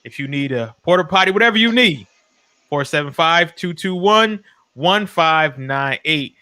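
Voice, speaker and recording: A man hosts a casual sports podcast, his voice bright and forceful, a little higher than most men's. He keeps the talk loose and slangy. The sound is dry and close, with no room around it. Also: expressive, moderate pace, no echo. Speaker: podcast host.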